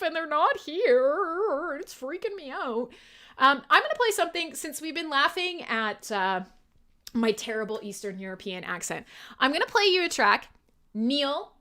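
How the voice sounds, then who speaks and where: Woman host, live stream radio chat, sparkling bright tone, loose and irreverent, laughs a lot. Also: sits high. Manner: laughs often, irreverent and swearing.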